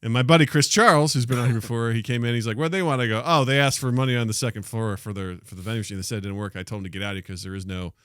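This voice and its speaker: A man's voice: medium pitch, steady tone, rapid-fire, few pauses, a bit bright, clear, resonant tone, no room sound, studio quality. A young man co-hosting a podcast, chatting casually and acting out the people in his stories. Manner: joking storyteller who acts out quoted people. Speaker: podcast co-host. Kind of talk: casual chat.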